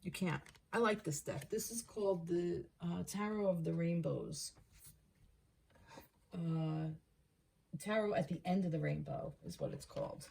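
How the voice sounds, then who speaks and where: A woman giving a casual tarot card reading, thinking aloud, repeating herself and getting excited over the cards. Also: on the low side, measured pace, creaky, a little hiss or hum. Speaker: tarot reader.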